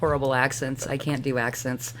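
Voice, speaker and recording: A woman's voice: very deep voice, level tone, brisk. A woman co-hosting a live show, chatting casually in a rambling, candid way. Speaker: co-host.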